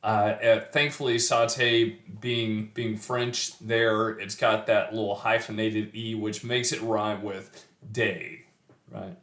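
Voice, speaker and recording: A man's voice: fairly low pitch, level tone, slow pace, fairly bright tone, echoey room. A middle-aged man talking through a poem's meter and rhyme in a loose, thinking-aloud way, full of fillers and restarts. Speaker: poetry teacher. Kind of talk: casual poetry analysis.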